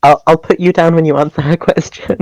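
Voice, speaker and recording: A man playing a tabletop game in a relaxed, easygoing way, laughing often. His voice sits a little high and sounds close and dry. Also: fairly quick, no echo, low-quality recording. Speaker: player. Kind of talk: casual chat at a tabletop game.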